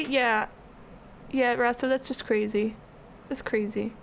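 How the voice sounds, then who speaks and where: Woman, young adult, art streamer, chatty and rambling, gravelly edge. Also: a little high, measured pace, a little hiss or hum. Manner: rambling and chatty, answering chat. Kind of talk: casual chat with a live stream chat.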